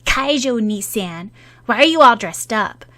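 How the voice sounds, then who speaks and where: Woman doing a bratty little kid, smug and rude, scoffs a lot, kinda loud. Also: fairly high pitch, expressive, unhurried, voice pushed up. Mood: scoffing. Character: bratty sharp-tongued young orphan boy.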